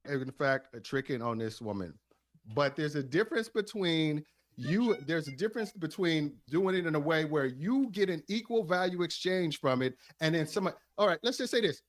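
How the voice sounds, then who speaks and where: A man with a slightly high voice makes his case on a lively panel. He stumbles and restarts, then pushes through with firm reasoning and a sarcastic edge. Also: normal speed. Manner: argumentative, restarts often, sarcastic. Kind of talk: heated group debate.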